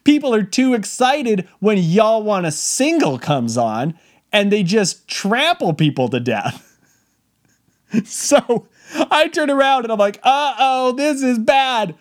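A man hosting a podcast, telling a comic story in a casual, animated way and acting out the quotes. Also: high voice, slow pace. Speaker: podcast host.

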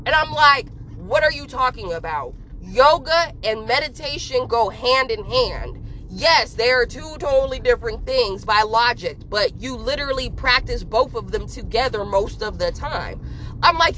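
A woman's voice: a little high, expressive, moderate pace, bright, forceful tone, a little hiss or hum, low-quality recording. A young woman ranting casually and bluntly to her viewers, swearing freely and filling her talk with "like". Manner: profane, blunt, heated, lots of "like" fillers. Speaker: vlogger.

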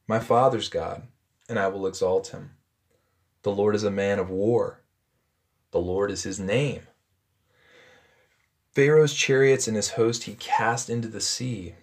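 Guy reading the bible out loud, lowish voice, lots of ums, stops to explain stuff. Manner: conversational, with frequent ums and self-corrections. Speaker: Bible teacher. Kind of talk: scripture reading with commentary.

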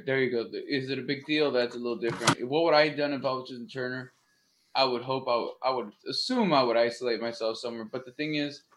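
A man co-hosting a casual sports podcast, talking in an animated way with frequent swearing, restarts and asides. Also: medium pitch. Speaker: podcast co-host.

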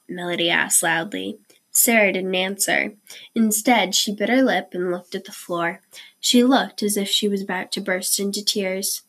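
A woman reading a children's chapter book aloud in a clear, steady storytelling manner. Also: mid-range voice, unhurried. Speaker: reader.

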